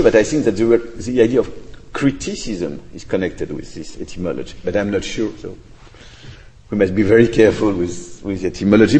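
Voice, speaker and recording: Low-voiced man in a hall. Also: warm tone. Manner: thoughtful, hesitant, with restarts and hedging. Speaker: speaker answering audience questions. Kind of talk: academic Q&A answer. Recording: echoey lecture hall.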